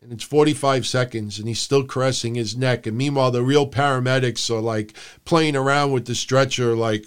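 A man co-hosting a wrestling podcast, recapping the show in casual, profane chat and shouting out quotes in a high voice. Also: fairly quick, few pauses, smooth. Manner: animated, profane, mimics people in loud high shouts. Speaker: podcast co-host.

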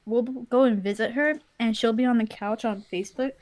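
Young female co-host, slightly high, giggly halting storyteller. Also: darkish tone. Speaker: podcast co-host. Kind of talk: casual chat.

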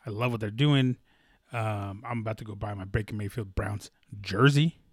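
A young man hosting a casual sports talk show, rambling and excitable, with lots of fillers and profanity. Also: fairly low pitch, normal speed, no room sound, studio quality. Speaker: sports podcast host.

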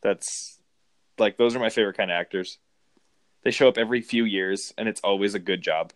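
A man casually discussing a movie, rambling and animated. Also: on the low side, brisk, dry recording. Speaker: film podcast co-host.

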